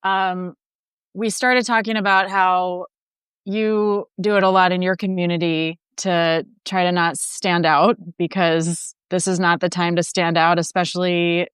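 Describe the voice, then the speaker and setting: A woman from the United States hosting a casual conversation, friendly and quick with backchannel replies. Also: fairly low pitch, little pitch movement, fairly bright tone, clean tone, no room sound, studio quality.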